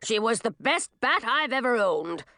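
A woman's voice: on the high side, very animated, normal speed, bright, forceful tone, pitched above the performer's own voice. A woman voicing a cackling old witch, grasping and rude, with a brash drawl. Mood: demanding.

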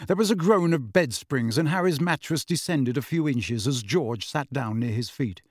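Expressive man narrating a storybook. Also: mid-range voice, moderate pace, no echo, studio quality. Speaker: audiobook narrator. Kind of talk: scripted narration.

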